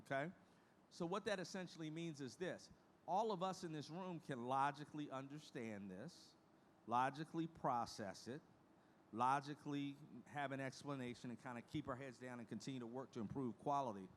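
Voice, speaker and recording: A man's voice: on the high side, a little hiss or hum. A middle-aged man giving a conference presentation in a folksy, emphatic way, repeating key phrases for emphasis. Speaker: conference speaker.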